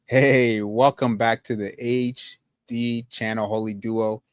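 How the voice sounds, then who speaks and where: A man's voice: mid-range voice, steady tone, slow, smooth, no echo, clean studio sound. A man co-hosting a casual podcast, talking in a laid-back, rambling way with lots of fillers. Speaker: co-host.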